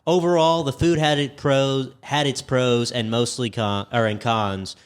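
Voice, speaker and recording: A man co-hosts a laid-back comedy podcast. He reads reviews aloud in a flat, deadpan voice and keeps a steady, middling pitch. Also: measured pace, clean tone. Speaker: podcast co-host. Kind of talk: casual comedy podcast chat.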